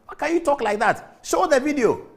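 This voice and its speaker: A man's voice: very high voice, lively intonation, moderate pace. A man with a Ghanaian accent hosting a TV commentary show, impassioned and emphatic, hammering his points with repetition. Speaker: TV show host. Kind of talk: studio commentary.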